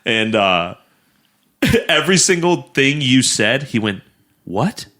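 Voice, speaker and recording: A man's voice: mid-range voice, big pitch swings, takes it slowly, pushed and bright. A young man co-hosting a podcast, telling stories in a loose, rambling casual chat full of fillers. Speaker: podcast co-host.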